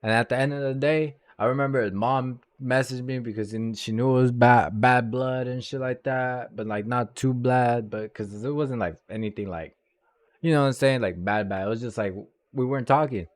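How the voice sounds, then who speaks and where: A man's voice: medium pitch, steady tone, moderate pace, dry recording. A young man from California telling a personal story in a heated, profane, casual rant, repeating himself and tossing in "bro.".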